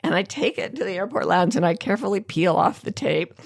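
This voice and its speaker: An older woman with a fairly low, creaky voice hosts a podcast, narrating a story animatedly and slightly fast. She laughs frequently and acts out what other people said in casual conversation.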